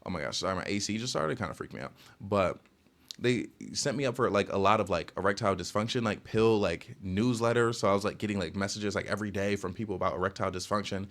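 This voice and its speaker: A young man casually telling a storytime rant, rambling with lots of filler words and sudden jumps in pitch. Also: fast, a bit bright. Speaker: storytelling vlogger.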